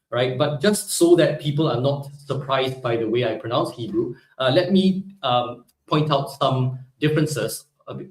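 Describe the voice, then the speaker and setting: A man's voice: medium pitch, reverberant, rough recording. A man teaching a live online language class, explaining step by step and often checking in with "right?". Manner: explanatory, peppers speech with "right?". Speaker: Hebrew teacher.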